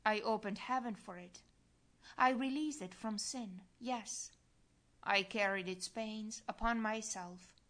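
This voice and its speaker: A woman's voice: mid-range voice, a bit bright. A woman reading a sorrowful, tender Christ. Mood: grave. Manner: slow, solemn, plaintive reading. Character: grieving adult male Christ, tender and sorrowful. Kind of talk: devotional reading.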